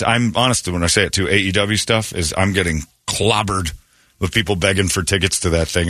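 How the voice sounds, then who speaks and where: Casting: American morning-radio host, man, lowish voice, rambling, jokey delivery, dry studio sound. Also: a bit bright, no echo. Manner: rambling, jokey, quick asides. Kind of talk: joking morning radio banter. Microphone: studio microphone.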